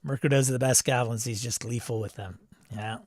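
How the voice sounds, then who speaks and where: Guy hosting a livestream, reads chat out loud, laughs a lot, dry close mic. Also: mid-range voice, fairly even intonation, normal speed, no echo. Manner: reads viewer comments aloud, laughs often. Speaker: livestream host reading chat. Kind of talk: casual chat.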